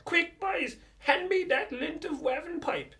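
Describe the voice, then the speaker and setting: A man with an Irish accent voicing an excitable old bachelor uncle in a comic yarn. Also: measured pace, full character voice. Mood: giddy. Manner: excitable, high and loud.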